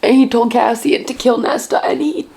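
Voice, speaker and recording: Gravelly-voiced young woman gushing over a book. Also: fairly high pitch, normal speed. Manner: gushing, excitable reactions to a book. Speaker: book vlogger. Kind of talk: casual reading vlog commentary.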